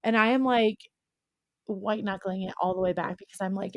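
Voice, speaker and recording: A young adult woman in casual podcast chat, telling a rambling, animated story full of "like.". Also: mid-range voice, moderate pace, dry recording, studio quality. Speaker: podcast guest or co-host.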